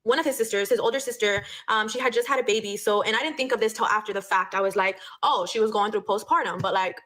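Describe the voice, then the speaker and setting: Fast-talking, profane young woman ranting. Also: mid-range voice, a bit bright. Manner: blunt and profane, slipping into Spanish phrases. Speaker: storyteller. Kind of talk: casual storytime rant.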